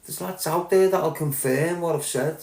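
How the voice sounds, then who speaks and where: Here the Liverpudlian podcast host rants angrily, cursing a lot and speaking bluntly in his Liverpool accent. His voice sits on the high side and is a little mellow, moving at a moderate pace in a roomy-sounding space.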